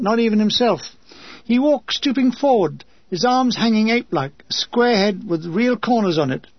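A man narrates a memoir with dry, deadpan humour. His voice is high and husky. The recording sounds dull and lo-fi, with a close, dry sound. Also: no room sound. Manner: dry comic storytelling.

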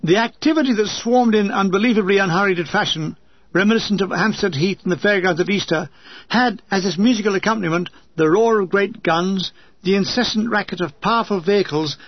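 A man's voice: high voice, brisk, dry recording, dull audio. A man reading his own war memoir aloud with wry, lyrical delivery and comic asides.

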